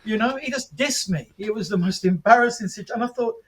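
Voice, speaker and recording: Guy with a pretty high voice on a podcast, spinning lively stories, acting out what people said, stumbles and restarts a lot. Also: fast, breathy edge. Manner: animated anecdotes, acts out quoted dialogue, frequent restarts. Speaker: podcast guest, martial arts film promoter and author. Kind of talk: casual podcast storytelling.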